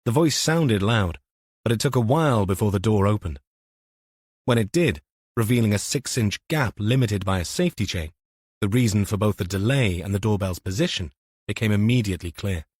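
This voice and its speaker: A man narrating a police novel in a measured, even storytelling manner. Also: fairly low pitch, slightly rough, no room sound, studio quality. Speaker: audiobook narrator. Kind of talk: scripted narration.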